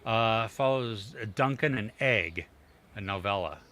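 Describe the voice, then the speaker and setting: A man's voice: on the low side, expressive, measured pace, bright, forceful tone. A middle-aged man co-hosting a podcast, talking casually and rambling with fillers and restarts. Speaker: podcast co-host. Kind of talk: casual chat.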